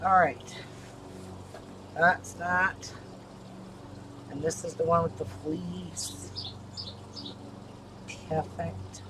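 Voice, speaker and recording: Slow-talking woman sewing at home. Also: fairly low pitch. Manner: unhurried, talks to herself as she works. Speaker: host sewing on stream, a grandmother. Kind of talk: casual chat while sewing. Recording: steady background noise.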